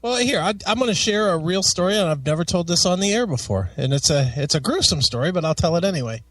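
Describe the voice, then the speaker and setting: A man with a fairly high voice, talking bluntly and cursing in nearly every sentence. He sounds a little off the mic, in a dry room with no echo. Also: expressive, fast talker, fairly bright tone, far from the mic. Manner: blunt and heavily profane. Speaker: podcast co-host. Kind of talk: casual chat.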